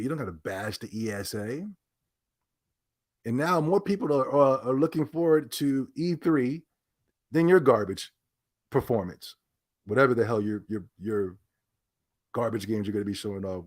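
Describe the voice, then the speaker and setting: An indignant man rants through a gaming commentary. His tone is sarcastic and mocking, with a middling voice. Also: mid-range voice. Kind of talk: ranting commentary.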